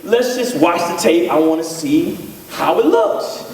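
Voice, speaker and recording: A man's voice: high voice, sing-song, measured pace, a little mellow, distant mic. A man, a psychologist, giving a humorous talk to couples in a church, acting out the lines of both partners in his stories. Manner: storytelling, acts out dialogue in voices. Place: church hall. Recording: echoey church hall, mic from afar, audience. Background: laughing audience.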